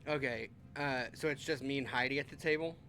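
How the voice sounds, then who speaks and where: A man's voice: medium pitch, fairly quick, pushed and bright, slight background noise. A man playing a tabletop game, talking casually and laughing easily. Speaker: player.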